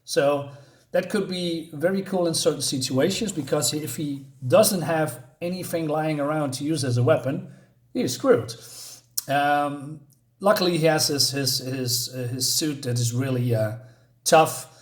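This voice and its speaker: A man's voice: a little high, a little slow. A man giving a casual spoken comic book review, rambling and hesitant, with many fillers.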